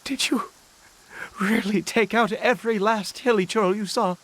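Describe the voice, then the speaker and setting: A man's voice: sits high, steady tone, measured pace, a bit bright. An actor voicing a frantic, protective man searching for his missing son, with agitated, stammering outbursts, as game voice acting. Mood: bitter.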